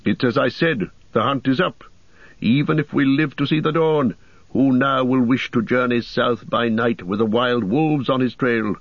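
A man voicing a stern, commanding old male wizard in a storybook reading, speaking gravely and forcefully. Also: medium pitch, moderate pace, no echo, voice pushed up, natural voice. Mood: grim. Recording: dull dry audiobook recording.

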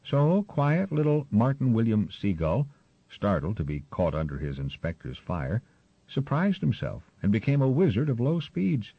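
Man, audiobook narration, husky low voice, lively delivery, dry muffled recording. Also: moderate pace, dry recording. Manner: expressive storytelling. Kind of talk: scripted narration.

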